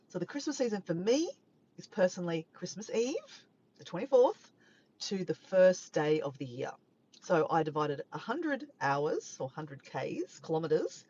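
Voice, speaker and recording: A woman's voice: lowish voice, darkish tone, dull audio. Aussie lady chatting away in her car, voice jumps up and down a lot, keeps tripping over words, bit of faint hiss. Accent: Australian. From Australia. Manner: chatty, rambling, trips over words and laughs at herself. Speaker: vlogger. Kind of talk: casual live-stream chat. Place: parked car.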